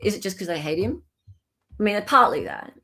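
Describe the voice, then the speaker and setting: A woman's voice: mid-range voice, lively intonation, a little fast. Chatty Australian woman hosting a livestream. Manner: chatty, laughs often, thanks viewers warmly by name. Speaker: livestream host. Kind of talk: casual livestream chat, reading viewer comments.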